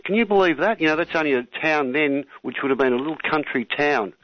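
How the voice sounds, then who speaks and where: A man's voice: fairly high pitch, lively intonation, a little fast, a little hiss or hum. A man with an Australian accent, calling in to a radio show and chatting in a rambling way, often saying "mate" and "you know". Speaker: caller. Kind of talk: phone-in call to a radio show. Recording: dull, dry phone-call sound.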